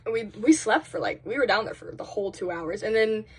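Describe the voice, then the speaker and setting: A woman's voice: medium pitch, lively intonation, a little fast, breathy edge. A young woman vlogging from home in casual chat, rambling through a story with lots of fillers, sighs and quoted friends. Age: young adult. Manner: chatty and rambling, full of fillers and dramatic sighs. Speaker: college vlogger. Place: indoors at home, doing laundry.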